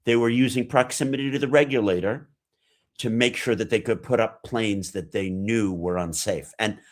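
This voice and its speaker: A man's voice: on the low side, normal speed. An American man, a guest on a podcast, explaining things in an earnest, lecturing way. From United States. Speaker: podcast guest, geopolitics analyst. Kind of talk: casual conversational interview.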